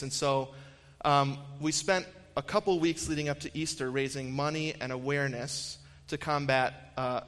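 A man's voice: medium pitch, a bit bright. A man in his thirties giving a storytelling sermon, conversational and self-deprecating, with frequent ums and restarts. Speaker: campus minister speaking to an audience. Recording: long hall reverb.

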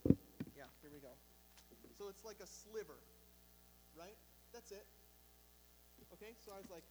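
A man's voice: sits high, unhurried, long pauses, mellow, husky. A young man preaching a sermon in a casual, self-deprecating way, with sudden emphatic bursts. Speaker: pastor. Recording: long hall reverb.

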